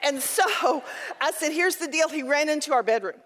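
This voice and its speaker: A woman with a high voice leads a Bible study, weaving funny personal anecdotes into her teaching. Her voice rings with a long reverb, as if spoken in a large hall. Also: moderate pace. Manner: lively, humorous anecdotes.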